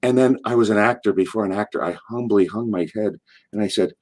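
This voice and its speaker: A man's voice: fairly low pitch, fast. An older man, a former wrestler, telling a rambling story in an interview and acting out the people in it. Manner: rambling, acts out quotes in voices. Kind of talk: animated storytelling.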